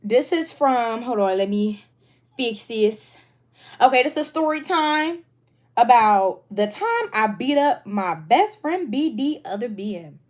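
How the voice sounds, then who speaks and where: Lively high-voiced woman reacting. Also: takes it slowly. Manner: candid, talks straight to viewers. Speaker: reaction video host. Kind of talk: casual reaction commentary.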